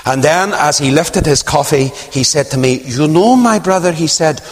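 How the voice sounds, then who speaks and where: A man preaching a sermon, telling a story with sudden high swoops of emphasis and hushed low asides. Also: lively intonation, moderate pace. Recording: long hall reverb.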